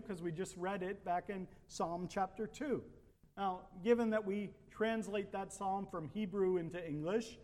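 A man with a high voice preaches a sermon, posing rhetorical questions and building emphasis. His voice rings with a long reverb, as if in a large hall. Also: a little mellow.

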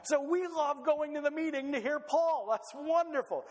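A man preaching a sermon in a lively, conversational way, full of rhetorical questions. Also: very high voice, moderate pace. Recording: long hall reverb.

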